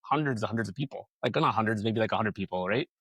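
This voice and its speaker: A man's voice: lowish voice, quick pace, a bit bright, slightly rough, no echo. A man telling his business story as a podcast guest, rambling casually, swearing freely and acting out other people's lines. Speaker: podcast guest, solar company founder.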